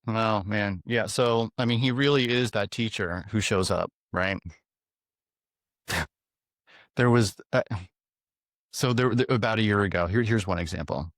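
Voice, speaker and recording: A fairly low-voiced man from the US East Coast tells stories as a guest in a relaxed interview. He talks in an animated way and chuckles easily. The recording is dry and close, with no room sound. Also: unhurried, pauses often, no echo. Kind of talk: casual interview storytelling.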